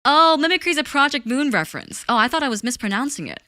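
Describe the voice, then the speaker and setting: A woman's voice: high voice, no echo, clean studio sound. A woman VTuber streamer whose first language is Mandarin Chinese, with a slight mix of Southern US and British vowels, chatting casually and reading chat aloud on a desk mic. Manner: animated, quick to laugh, talks to chat.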